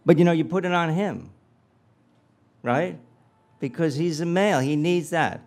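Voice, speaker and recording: A man's voice: fairly high pitch, measured pace, a little mellow. A man giving a humorous guest lecture, telling stories animatedly and acting out dialogue with comic asides.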